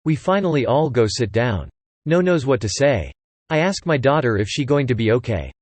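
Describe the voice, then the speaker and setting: A man narrating a first-person story in a steady, plain voice, retelling the dialogue as he goes. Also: medium pitch, normal speed, no room sound.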